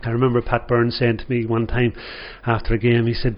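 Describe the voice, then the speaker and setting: A man's voice: medium pitch, monotone, a little fast, hardly any pauses, highs cut off. Older Irish man telling football stories. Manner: rambling anecdotes with frequent "you know". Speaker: former footballer guest. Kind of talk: storytelling interview.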